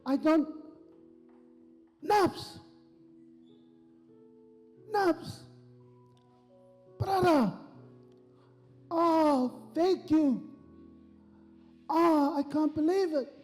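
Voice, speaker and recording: A man's voice: very high-pitched, extremely slow, pauses often, a little mellow, in a large hall, soft background music, voice pushed up, full character voice. A man voicing an overwhelmed, grateful man in prison, who thanks him over and over. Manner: tearful thanks, repeating himself.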